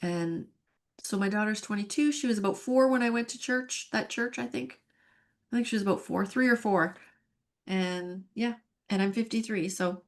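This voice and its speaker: A woman's voice: medium pitch, normal speed. Earnest woman in her fifties. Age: 50s. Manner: earnest and emotional, sighing and laughing at herself. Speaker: podcast guest. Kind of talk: emotional personal testimony.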